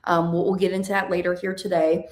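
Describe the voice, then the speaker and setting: An American woman hosting an educational podcast, talking emphatically with rhetorical questions and drawn-out stressed words. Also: fairly low pitch, level tone. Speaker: podcast host, financial educator.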